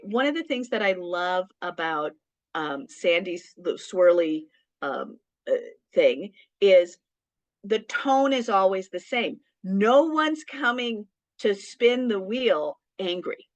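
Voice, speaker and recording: A woman's voice: mid-range voice, no room sound. A woman presenting a casual small business workshop, talking conversationally with frequent ums and "right?" tag questions. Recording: dull, dry lo-fi sound.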